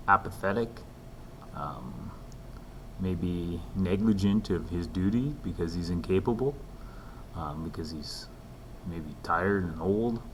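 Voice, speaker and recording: A man with a very low voice talks through a recorded lesson. He keeps it conversational, scattering ums and dry, self-mocking asides between points. A faint hiss runs under the recording. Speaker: teacher. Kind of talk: recorded lecture walkthrough.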